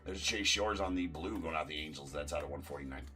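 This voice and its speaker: A man's voice: very deep voice, quick pace. A man hosting a live card break stream, calling out pulled cards and bantering with viewers in chat.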